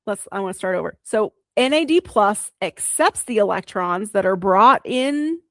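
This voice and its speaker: A woman's voice: mid-range voice, animated, normal speed, a bit bright, dry recording, clean studio sound. A female podcast host, explaining biology plainly in a casual, chatty solo talk.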